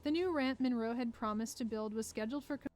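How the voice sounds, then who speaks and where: A woman's voice: fairly high pitch, a little mellow. A woman reading a history text aloud on stream, stopping to correct her own mistakes. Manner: reads haltingly, correcting herself.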